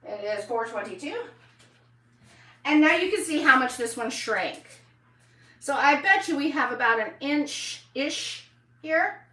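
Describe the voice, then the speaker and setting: A chatty woman with a bright, sharp voice hosts a live cooking demo from her kitchen. She is pitched a little high and talks folksily to her viewers. The sound is roomy and she stands off from the camera mic. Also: lively intonation, measured pace, pauses often, recorded from a distance. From United States. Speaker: cooking show host. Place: home kitchen.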